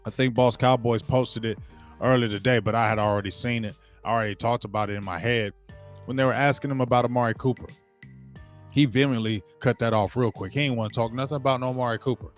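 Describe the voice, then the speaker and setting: A man's voice: medium pitch, steady tone, brisk, faint music behind. Heated man ranting about football. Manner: heated, repetitive, stumbles and restarts, mocking quotes. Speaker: sports show host. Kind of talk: opinionated sports commentary rant.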